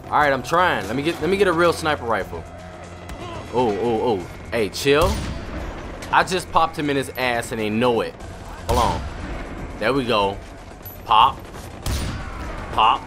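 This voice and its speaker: A young man doing profane, excitable let's-play commentary. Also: mid-range voice, a little slow, pauses often, music in the background. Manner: profane, excitable trash talk. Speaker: gamer commentator.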